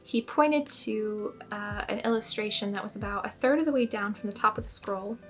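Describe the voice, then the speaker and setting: A woman's voice: mid-range voice, normal speed, a bit bright, faint music behind. A young woman telling a personal story in a casual vlog, chatty and self-mocking, full of "like" fillers. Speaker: spiritual storyteller.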